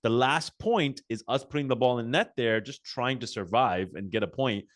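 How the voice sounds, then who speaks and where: A man hosting a casual sit-down interview, telling animated stories full of fillers and restarts. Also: medium pitch, moderate pace. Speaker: podcast host.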